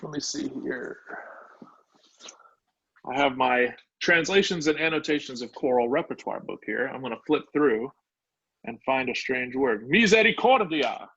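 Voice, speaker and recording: Slow-talking male instructor on a dull line. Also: mid-range voice, fairly bright tone, breathy edge. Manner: sounds out words syllable by syllable. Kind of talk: live online phonetics class. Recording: dull lo-fi online call audio.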